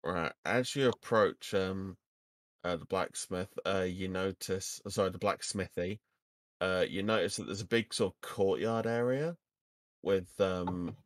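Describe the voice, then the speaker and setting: A man running a tabletop game, his voice very low and dry. He narrates haltingly, full of ums and uhs. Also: dry recording. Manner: halting, many fillers. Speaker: game master.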